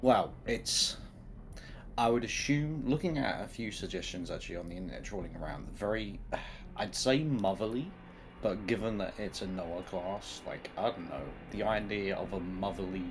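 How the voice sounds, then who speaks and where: A man playing in a tabletop role-playing game, describing his character hesitantly with many pauses and corrections. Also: on the low side, lively intonation. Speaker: player. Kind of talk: casual game chat. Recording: music playing clearly behind the voice.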